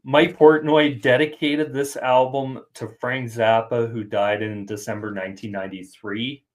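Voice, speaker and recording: A man's voice: mid-range voice, flat delivery, moderate pace. A man hosting a music podcast, chatting casually and thinking aloud with fillers. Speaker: podcast host. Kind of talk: casual chat.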